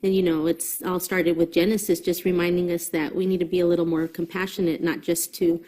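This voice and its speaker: A woman's voice: lowish voice, flat delivery, brisk, warm tone. A mother in a documentary interview, telling a family story in an earnest, reflective way.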